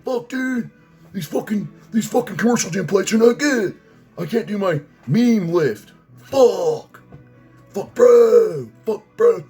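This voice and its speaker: A man putting on the voice of an angry young gym bro who yells and swears. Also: high-pitched, lively intonation, takes it slowly, slightly rough, soft background music, voice pushed up, full character voice. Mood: raging. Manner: shouting, swearing.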